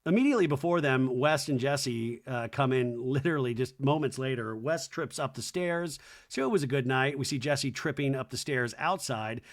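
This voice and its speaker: A man hosting a podcast, casually recapping a reality show in a joking tone, often dropping into low mocking voices to quote people. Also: expressive, moderate pace, hardly any pauses. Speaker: podcast host.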